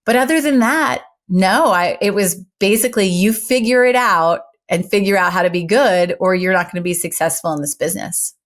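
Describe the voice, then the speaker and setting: A middle-aged woman, a former news anchor turned speaking coach, talking in an interview with articulate, emphatic and animated delivery. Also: mid-range voice, a little fast, hardly any pauses. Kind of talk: conversational interview.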